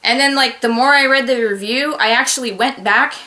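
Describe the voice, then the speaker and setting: Woman author, higher-pitched voice, expressive and chatty, speaking to camera at home. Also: a little fast. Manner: animated and expressive, with sudden loud exclamations. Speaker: author giving advice. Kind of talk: casual talk to camera. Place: home office.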